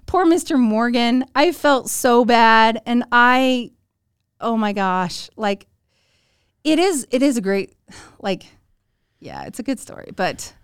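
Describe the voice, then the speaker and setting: A middle-aged woman hosting a podcast and telling a story, animated and giggly, acting out the lines she quotes. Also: a little high, takes it slowly, clear, resonant tone, no echo, clean studio sound. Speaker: podcast host. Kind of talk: casual storytelling chat.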